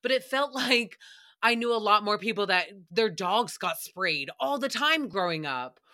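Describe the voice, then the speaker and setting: Young woman, podcast host, casual rambling chat, giggly, bright tone. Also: medium pitch, expressive, measured pace. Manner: giggly, rambling storyteller who breaks into laughter.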